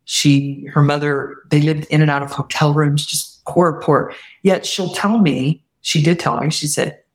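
A woman guest telling a personal story earnestly, often quoting what others said, and reflecting warmly on faith. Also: deep voice, fairly even intonation, measured pace. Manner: earnest, heartfelt retelling with quoted dialogue; warm spiritual reflection. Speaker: podcast guest.

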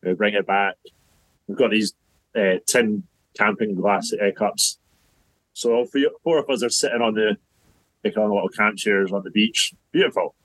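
Young man, lowish voice, teasing storyteller, dry close sound. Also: moderate pace, dry recording, low-quality recording. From Scotland. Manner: relaxed, chuckling, teasing. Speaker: groom-to-be guest. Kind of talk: casual storytelling chat.

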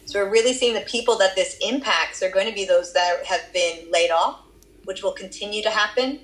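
A woman's voice: mid-range voice, brisk, a bit bright, rough recording. Woman, Boston accent, interview guest, explanatory, fluent with fillers. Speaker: research guest. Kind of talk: interview answers.

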